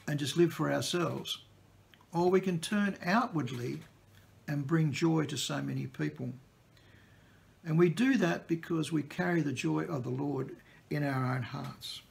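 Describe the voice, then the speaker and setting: A male preacher delivering a sermon with a gravelly, creaky edge to his voice. His pitch sits a little higher than most men's, and he explains the passage in an easygoing, conversational teaching manner. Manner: plain-spoken, conversational teaching.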